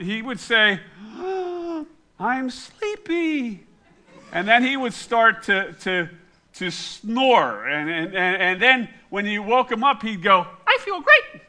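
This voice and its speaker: Leading his congregation in a quiz, a middle-aged pastor shares a lively, self-mocking story. His voice sits high.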